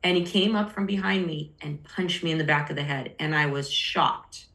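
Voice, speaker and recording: A woman's voice: sits low, normal speed, a bit bright. A middle-aged woman, a podcast guest, telling her personal story candidly and acting out the voices of people she quotes. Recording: roomy echo.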